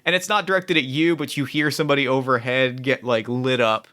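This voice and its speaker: Bright-voiced man running a tabletop game. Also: mid-range voice, steady tone, fairly quick. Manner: rambling, many likes and restarts. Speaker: game master.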